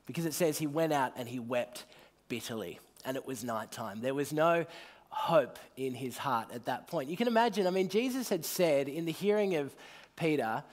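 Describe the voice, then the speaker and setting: Earnest man preaching, slightly high voice. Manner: earnest storytelling, drops low and quiet on solemn lines. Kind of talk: sermon.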